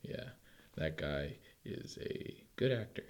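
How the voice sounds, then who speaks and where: A man with a very low, deep voice chats casually on a podcast. He rambles with lots of fillers and now and then breaks into excited bursts. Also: takes it slowly. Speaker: podcast co-host. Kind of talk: casual movie chat.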